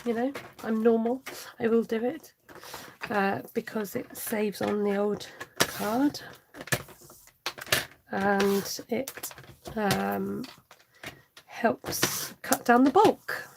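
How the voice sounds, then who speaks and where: A woman's voice: on the high side, drawn-out words, gravelly, pauses often, heavy background noise. A woman hosting a live craft tutorial, chatty and giggly as she reads out viewer comments. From United Kingdom. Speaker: crafting channel host.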